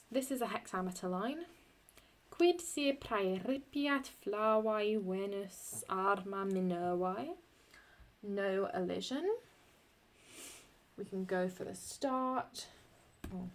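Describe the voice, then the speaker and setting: A woman talks through a Latin meter lesson at an unhurried, slow pace. She thinks aloud, corrects herself as she goes, and draws out the Latin verses deliberately. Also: medium pitch, vocal fry. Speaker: Latin teacher. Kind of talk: screen-recorded lesson.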